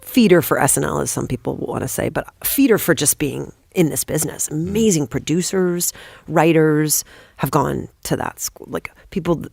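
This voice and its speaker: Fast-talking, gravelly woman telling stories. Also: low-pitched, dry recording, clean studio sound. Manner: rapid, animated, swears freely. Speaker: guest, comedic actress. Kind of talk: casual podcast storytelling.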